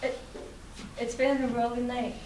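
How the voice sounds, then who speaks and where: Teen girl reciting lines haltingly. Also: fairly high pitch, flat delivery, a little mellow, a little hiss or hum. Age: teens. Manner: halting, with fillers and restarts. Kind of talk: student stage performance. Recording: echoey room, distant mic.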